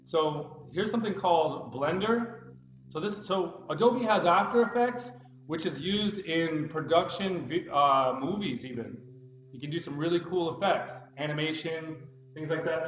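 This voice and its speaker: A man's voice: on the high side, animated, unhurried, fairly bright tone, slight background noise. A man talking his way through a loose, rambling screen-recording vlog, chatty and digressive. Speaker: real estate group admin making a tutorial. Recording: roomy, slightly dull sound with music behind.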